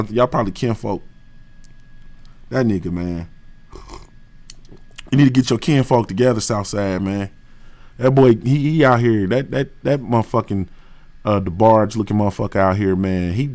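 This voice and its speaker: A man's voice: fairly low pitch, moderate pace, long pauses, a little mellow. A boxing show host from Ohio, speaking. He rants on a livestream, heated and profane, loops back on his own phrases, and piles on street slang. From West Dayton, Ohio, USA. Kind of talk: livestream rant.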